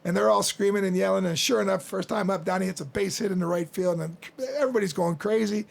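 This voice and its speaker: A middle-aged man from the Midwest, a podcast guest telling stories in an animated way. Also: sits high, fast talker, vocal fry. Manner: animated storyteller acting out crowd voices. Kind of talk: storytelling interview.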